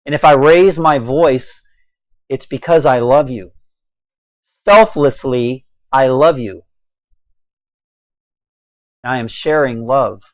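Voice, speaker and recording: A man delivering a preachy, impassioned monologue, swinging between a raised voice and quiet intensity. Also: mid-range voice, takes it slowly, pauses often, no room sound, dull audio. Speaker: video blogger.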